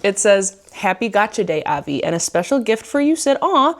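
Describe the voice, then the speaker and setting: A woman's voice: mid-range voice, very animated, fairly quick. Bubbly young woman vlogging at home. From United States. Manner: bubbly, gushing, laughs often. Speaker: book vlogger. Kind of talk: casual vlog chat. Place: at home indoors.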